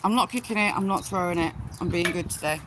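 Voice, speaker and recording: A woman's voice: fairly low pitch, fast. Chatty woman with noisy background. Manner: chatty, blunt, talks to her dogs between comments. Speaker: live stream host. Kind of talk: casual chat reading viewer comments. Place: at home with pet dogs.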